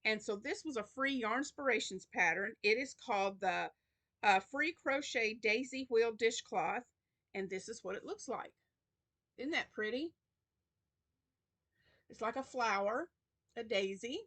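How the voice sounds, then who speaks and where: Woman, crochet vlog host, casual chat, tired and yawning, rambling restarts, bright voice. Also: a little high, animated, unhurried, pauses often. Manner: chatty, rambling with frequent restarts.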